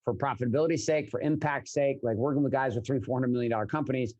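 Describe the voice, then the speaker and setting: Male podcast guest, mid-pitched, blunt and energetic, swears a lot, frequent restarts. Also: quick pace, dull audio. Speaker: podcast guest, business coach. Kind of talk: casual interview conversation.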